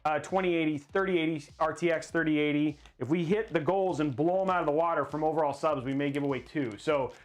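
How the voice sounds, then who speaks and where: Excitable man hosting a PC-build livestream. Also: fairly high pitch, fast, few pauses. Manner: excitable, rambling, hypes chat goals. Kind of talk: casual livestream chat.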